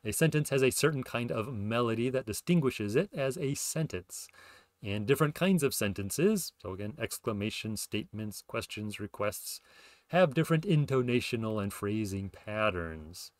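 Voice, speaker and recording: A man's voice: fairly low pitch, lively intonation, moderate pace, no room sound. A man hosting his own podcast, explaining ideas in a casual lecture, thinking aloud with fillers and self-corrections. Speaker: podcast host explaining linguistics.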